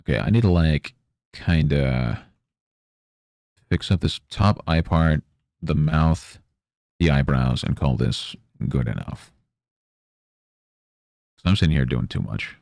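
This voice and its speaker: A man's voice: takes it slowly, creaky, pauses often, a little mellow, dry recording. A young man streaming while painting, talking in a rambling, sarcastic way into a close mic. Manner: rambling, sarcastic, mocks imagined interviewers in high voices. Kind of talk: casual chat while painting.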